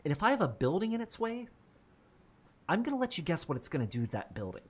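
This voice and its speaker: A man's voice: high-pitched, big pitch swings, fast talker, breathy edge. A man giving casual gameplay commentary, thinking aloud, swearing freely and laughing often. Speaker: gameplay streamer.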